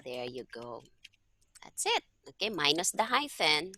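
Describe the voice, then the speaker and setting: Language tutor, woman: bright, forceful voice with a low-ish pitch, patient explainer on a video call. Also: big pitch swings, unhurried, dry recording. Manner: patient, checks understanding often. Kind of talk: one-on-one online tutoring.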